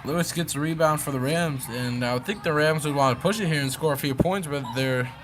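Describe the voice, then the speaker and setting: A man's voice: fairly high pitch, brisk. A young man doing easygoing, slightly unpolished play-by-play commentary for a school basketball game. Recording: noisy gym ambience behind.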